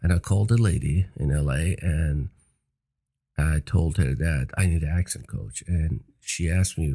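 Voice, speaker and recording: A man's voice: a bass voice, measured pace, creaky, mellow, husky. A man in his fifties whose first language is not English, telling stories with emphasis and repeating key phrases in a casual interview. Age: 50s. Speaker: podcast guest.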